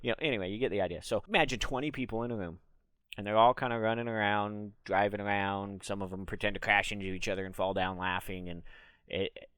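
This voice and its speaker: A man streaming a casual solo talk, rambling and breaking into loud laughs to demonstrate. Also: lowish voice, steady tone, fast, clear, resonant tone, dry recording.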